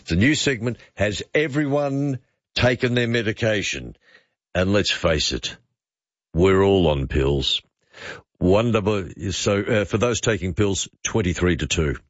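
Australian overnight radio host, low voice, dry studio sound, slightly dull audio; chatty, wry. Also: male voice, animated, measured pace, dry recording. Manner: chatty, wry, reads out listener messages. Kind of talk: late-night talk radio chat. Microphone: studio microphone.

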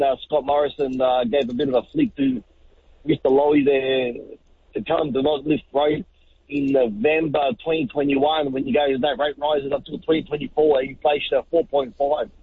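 A man in his forties with an Australian accent, a truck driver calling a radio show, talking haltingly with many fillers. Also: a little high, dry recording. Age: 40s. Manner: halting, full of fillers, gravelly. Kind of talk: phone-in chat. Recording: tinny dry phone line.

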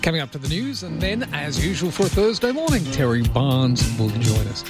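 A man's voice: on the high side, sing-song, a little fast, over loud music. A man hosting overnight talk radio, chatting casually with jokey, self-mocking asides. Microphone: studio microphone.

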